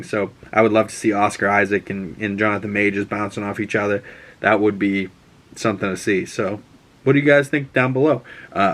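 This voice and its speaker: A man's voice: on the low side, a bit bright. A man hosting a casual chat show, rambling and swearing freely, with frequent restarts. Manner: rambling, profane, stop-start. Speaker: podcast host.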